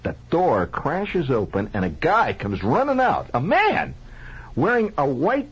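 A man's voice: on the high side, measured pace, breathy edge. A man telling a comic childhood story on radio, chatting to listeners and making sound effects with his mouth, heard on an old lo-fi broadcast. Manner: animated, conversational, asks the audience questions, sound effects with mouth. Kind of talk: improvised comic storytelling monologue.

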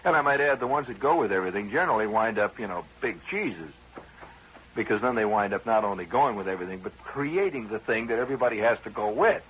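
A man's voice: lowish voice, animated, quick pace, a bit bright, a little hiss or hum, rough recording. A man hosting a radio show, telling a rambling personal story in a conversational, wry way with frequent asides to his listeners.

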